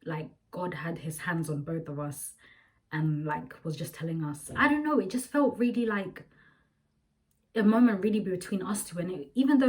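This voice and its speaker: A woman's voice: lowish voice, darkish tone, low-quality recording. A young woman telling a personal story to her viewers in a chatty, rambling vlog style, full of fillers. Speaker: vlogger. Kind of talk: casual storytelling to camera.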